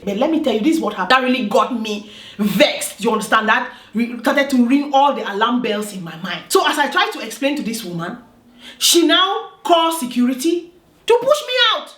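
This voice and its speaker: A woman's voice: on the high side, sing-song, a little fast, fairly bright tone. A woman from Africa telling a personal story in a vlog, emphatic and repetitive, often checking "do you understand?". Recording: roomy echo.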